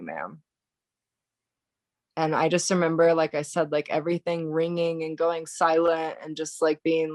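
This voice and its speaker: Young American woman, guest on a podcast, flat monotone delivery, hesitant and full of restarts. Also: deep voice, dry recording. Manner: halting, many fillers and restarts. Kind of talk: emotional personal recollection.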